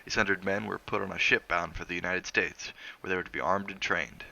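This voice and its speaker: A man reads a novel aloud in a steady, measured way. His voice sits very low with a gravelly fry, yet it comes through bright and forceful. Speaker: reader of a novel on a stream.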